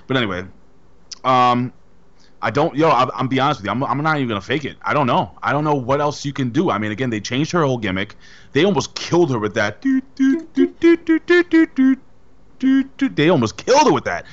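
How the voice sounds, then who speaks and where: A man's voice: medium pitch, expressive, fast talker, fairly bright tone, dull audio. Blunt, rambling man podcaster. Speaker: podcast co-host. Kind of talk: casual chat.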